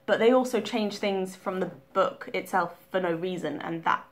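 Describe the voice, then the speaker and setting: A woman's voice: mid-range voice, moderate pace. A young woman talking casually about her reading, chatty and full of ums and restarts. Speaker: book vlogger.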